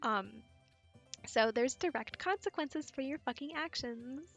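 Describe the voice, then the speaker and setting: A woman's voice: sits high, unhurried, vocal fry, a bit bright. A young woman streamer chatting casually while gaming, rambling and swearing as she tells stories with giggles. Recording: faint music behind voice.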